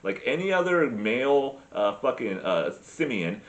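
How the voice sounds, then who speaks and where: A man's voice: mid-range voice, big pitch swings, measured pace, muffled recording. A man in his forties rambling through a profane, comedic monologue as a podcast host, forever drifting off on tangents.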